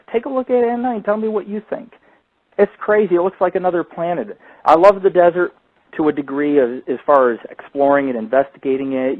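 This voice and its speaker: A man hosting a radio show, rambling and swearing constantly in a casual monologue. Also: medium pitch. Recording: tinny phone-like sound.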